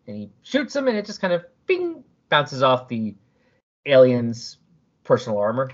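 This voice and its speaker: Husky-voiced man recapping a comic. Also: medium pitch, normal speed. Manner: animated storytelling with voices. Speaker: podcast host. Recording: dull lo-fi recording.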